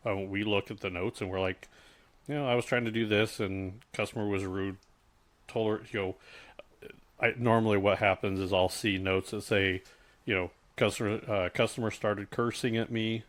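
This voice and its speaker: A man's voice: on the low side, steady tone. A man co-hosting a podcast, chatting casually about customer service and often restarting his sentences. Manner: halting, many restarts, speaks from work experience. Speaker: podcast co-host. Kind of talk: casual chat.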